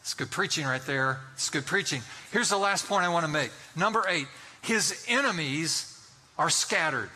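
Preacher in his sixties, high voice, very bright tone, folksy and emphatic, sermon delivery. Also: expressive, normal speed. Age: 60s. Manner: folksy storytelling, emphatic exhortation. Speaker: pastor.

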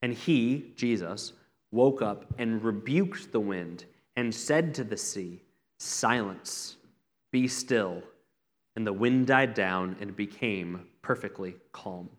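A man's voice: lowish voice, lively intonation, slow. A man, a pastor, giving an earnest, conversational sermon with repeated phrases. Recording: long reverb from a hall.

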